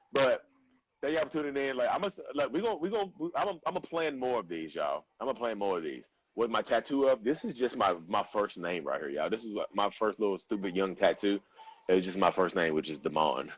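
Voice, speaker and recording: A man's voice: on the low side, no echo, dull audio. A young man hosting a casual livestream, talking bluntly and in slang to his viewers. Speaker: livestream host.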